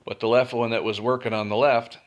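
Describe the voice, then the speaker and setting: A man's voice: medium pitch, level tone, a little fast, lo-fi sound. A man telling a story in a casual, blunt and profane way, with laughs between lines. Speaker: storyteller vlogger.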